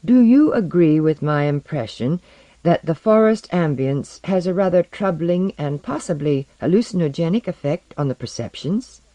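A man's voice: fairly high pitch, expressive, normal speed, dark tone, no room sound, lightly acted. A man doing a formal, polite male leader.

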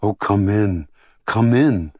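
A man voicing a tired, gentle middle-aged woman in an audiobook, soft and reassuring, with a husky voice. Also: fairly low pitch, takes it slowly, no room sound, clean studio sound. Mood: tender. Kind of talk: audiobook character reading.

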